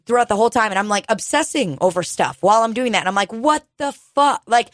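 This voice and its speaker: A woman's voice: fairly high pitch, lively intonation, a bit bright, dry recording. Young woman, casual podcast co-host, blunt and profane, dry close sound. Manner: candid, swearing, talks fast when quoting herself. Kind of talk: casual chat.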